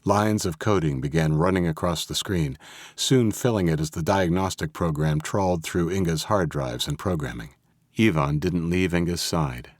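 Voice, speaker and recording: A man narrating a thriller audiobook in a steady, even storytelling manner. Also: low-pitched, moderate pace, no echo. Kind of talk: scripted narration. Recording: dry close studio audio.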